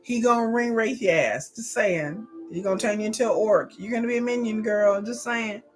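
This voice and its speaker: A woman streamer reacting in casual, animated chat, profane and laughing often. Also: on the high side, fairly quick, faint music behind. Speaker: streamer hosting a live watch.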